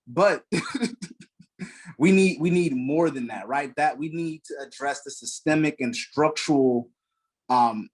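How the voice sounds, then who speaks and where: A man's voice: mid-range voice, slightly rough. A man speaking earnestly and with passion as a panelist in an online discussion, with frequent fillers and short laughs, heard over a video call.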